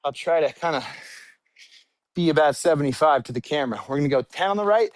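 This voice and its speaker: A male fitness coach talks people through a bodyweight workout while doing it himself. His voice sits high, and he counts reps and calls out cues, sometimes short of breath. The sound is dry and close. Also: animated, fast, dry recording. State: out of breath at times. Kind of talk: live workout instruction.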